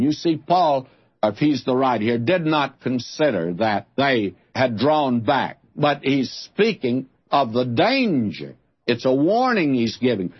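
A male Bible teacher preaching verse by verse in a slow, husky voice. His pitch rises and falls a lot as he stresses and repeats key phrases. The sound is dull and lo-fi, like an old broadcast tape. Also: expressive.

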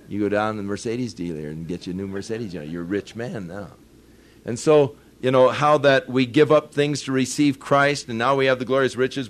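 An older man preaching a sermon, telling folksy stories with chuckles and rising to earnest emphasis on his points. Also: medium pitch. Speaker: pastor.

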